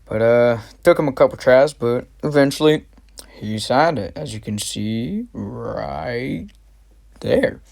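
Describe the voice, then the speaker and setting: A man's voice: medium pitch, animated, takes it slowly, gravelly, darkish tone. A young man playing a boastful, slangy tough soldier who narrates in an amateur history comedy sketch. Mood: cocky. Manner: cocky, slangy. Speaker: narrator of a flashback in a school history skit.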